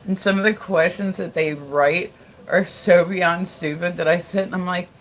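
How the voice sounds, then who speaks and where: A woman's voice: lowish voice, steady tone, normal speed, a little hiss or hum. A young American woman chatting casually on her live stream, blunt and rambling, repeating herself and swearing freely. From United States. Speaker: livestream host.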